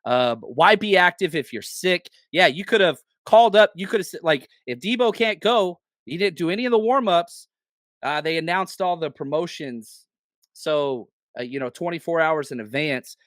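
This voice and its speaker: A man's voice: fairly high pitch, lively intonation, moderate pace, fairly bright tone, no echo, clean studio sound. A man hosting a live sports podcast, ranting bluntly and heatedly, swearing and stammering when worked up. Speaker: podcast host.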